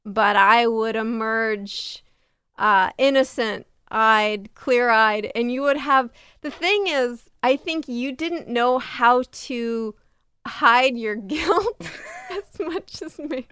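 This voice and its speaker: A woman's voice: a little high, slow, a bit bright, smooth, dry recording, studio quality. A woman hosting a podcast, chatting in a teasing, playful way and laughing often. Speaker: podcast host. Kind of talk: casual chat.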